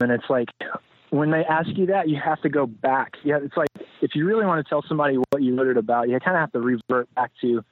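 A man's voice: medium pitch, fast talker, dry recording. A man talking as a podcast guest, reflective and rambling with many fillers and restarts. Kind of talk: casual interview talk. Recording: tinny phone-like line, dry.

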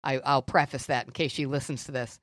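A middle-aged woman co-hosting a faith podcast, telling stories and teaching in an earnest, animated way. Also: rumbling low, fairly quick, no echo, studio quality. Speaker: podcast co-host. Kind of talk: faith-based conversational teaching.

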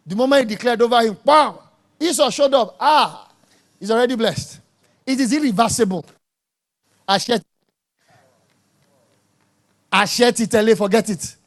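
Preacher guy, high voice, scolds the congregation, repeats himself for emphasis. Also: brisk. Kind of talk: sermon.

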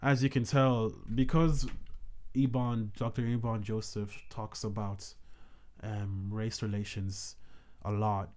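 A man's voice: fairly low pitch, little pitch movement, slow, darkish tone. A man hosting a podcast, talking in a rambling, casual way with many restarts. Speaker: podcast host. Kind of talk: casual chat.

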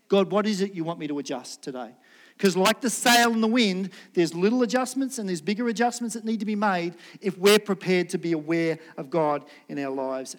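High-voiced preacher acting out prayers. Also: male voice. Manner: dramatic, acts out prayers and God's replies, swings from loud to hushed. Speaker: pastor. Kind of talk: sermon.

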